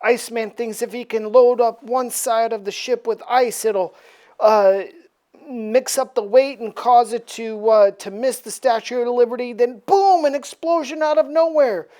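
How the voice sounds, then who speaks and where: A woman's voice: fairly high pitch, fairly even intonation, unhurried, dark tone. A woman casually recapping a comic book issue in a slangy, offhand way.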